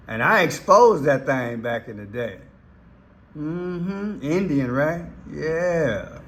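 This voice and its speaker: A man's voice: fairly high pitch, animated, fairly bright tone. A man hosting a casual political commentary channel, folksy and emphatic. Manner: folksy, emphatic, slow and drawn out. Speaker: YouTube commentary host.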